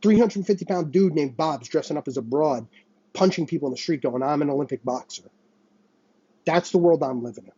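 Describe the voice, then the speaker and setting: A man's voice: fairly high pitch, a little fast, mellow, slightly rough, no room sound, muffled recording. A young man hosting a solo podcast, ranting in a heated, sarcastic and profane way. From United States. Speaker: podcast host.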